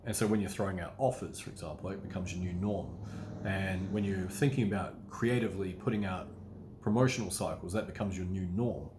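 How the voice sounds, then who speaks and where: A man with a lowish voice talks casually as a business coach. He rambles, breaks into quick asides that act out what he is thinking, and swears now and then without fuss. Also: background noise. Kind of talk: casual solo talk to camera.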